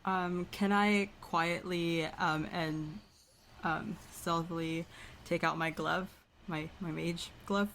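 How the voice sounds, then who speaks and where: A woman playing a character in a tabletop game, speaking calmly and firmly. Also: on the low side, takes it slowly, a little hiss or hum. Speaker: player. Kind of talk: tabletop role-play.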